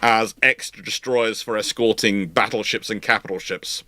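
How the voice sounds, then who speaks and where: A man hosting a live naval history talk who speaks in an animated, rambling way and laughs often. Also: lowish voice, moderate pace, a little hiss or hum. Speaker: host.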